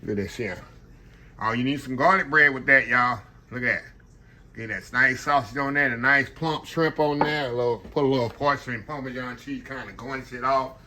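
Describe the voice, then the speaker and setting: A man's voice: mid-range voice, brisk, sharp tone, slight background noise. An older man hosting a home cooking video, chatting casually and folksy with viewers as he cooks in his kitchen. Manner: folksy, talks to viewers as y'all. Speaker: home cooking channel host.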